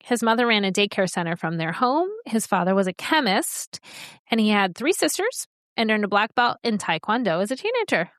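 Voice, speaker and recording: A woman co-hosting a podcast in casual chat, talking in a chatty, rambling way with quick asides. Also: mid-range voice, very animated, fairly bright tone, no room sound, clean studio sound. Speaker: podcast co-host.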